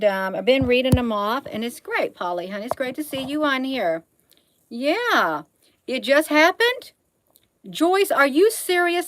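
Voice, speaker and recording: This livestream host is a middle-aged woman whose fairly high, fairly bright voice comes through a rough recording without room sound. She reads proverbs aloud and chats homily with her audience, addressing them as honey.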